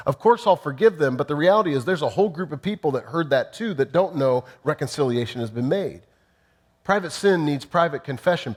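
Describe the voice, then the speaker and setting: Man preaching a practical sermon. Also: fairly high pitch. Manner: teaching in numbered points, acting out sample apologies. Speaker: pastor.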